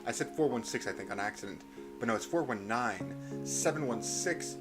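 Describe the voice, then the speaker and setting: A man's voice: medium pitch, expressive, normal speed, over loud music. A young man live streaming a memory challenge, reciting strings of digits in bursts and correcting himself with flustered apologies.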